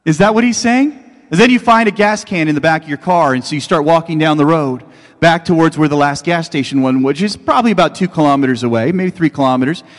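A man's voice: on the high side, fast, long reverb tail. A man preaching a sermon as a pastor, telling stories in a conversational way and building to fervent exclamations.

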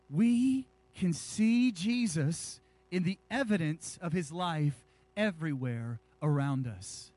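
A male pastor delivers a lively sermon to his church. His voice sits notably high for a man, and he preaches with animated energy, joking with the congregation between scripture readings. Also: takes it slowly, no echo.

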